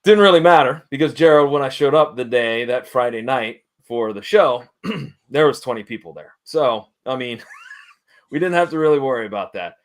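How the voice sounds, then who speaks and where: A middle-aged man sits in as an interview guest and tells an anecdote at an easy, conversational pace. His voice sits at an ordinary mid pitch, and he slips into the voices of the people in his story. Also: moderate pace. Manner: animated storyteller, acts out quoted dialogue. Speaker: interview guest, wrestling manager. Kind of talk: casual anecdote telling.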